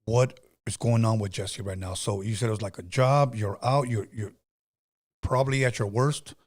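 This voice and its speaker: A man's voice: fairly low pitch, fairly even intonation, normal speed. A man hosting an interview, asking probing follow-up questions and answering with short affirmations. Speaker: host.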